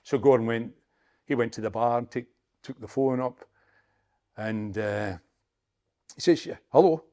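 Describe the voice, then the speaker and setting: A Scottish man in his seventies spins a story for an interviewer, stumbling over words and repeating himself as he goes. His voice is gravelly and sits in a middle pitch. It is unhurried, chatty storytelling. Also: steady tone, mellow. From Scotland. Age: 70s. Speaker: interview guest, former footballer. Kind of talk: anecdotal storytelling.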